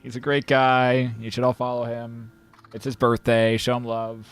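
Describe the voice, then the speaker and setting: Brief: playful male dungeon master, mid-pitched voice, casual online game night. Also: level tone, moderate pace, clean tone. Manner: playful, theatrical. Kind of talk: casual tabletop game chat.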